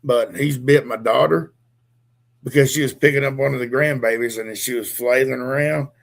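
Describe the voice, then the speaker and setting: A man's voice: mid-range voice, steady tone, moderate pace, creaky. An older man co-hosting a casual podcast chat, talking in a loose, rambling drawl about his dogs and accents. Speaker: podcast co-host.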